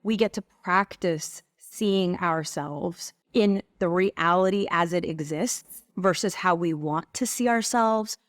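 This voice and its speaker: A woman's voice: fairly low pitch, takes it slowly, few pauses, dry recording, clean studio sound. A woman guest who leads women's retreats, speaking in a flowing, earnest, reflective way with frequent filler words. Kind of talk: reflective conversational coaching talk.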